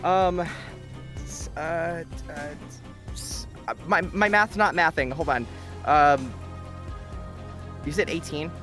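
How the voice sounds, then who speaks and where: A man playing a tabletop game on stream, reacting excitably and stammering as he talks. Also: on the high side, takes it slowly, pauses often, faint music behind. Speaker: player. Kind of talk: casual tabletop game chat.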